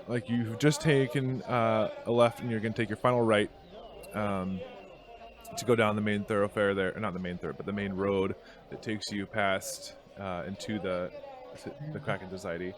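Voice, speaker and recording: A man running a tabletop game over a video call, narrating haltingly with many pauses and frequent laughs. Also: on the low side. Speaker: game master.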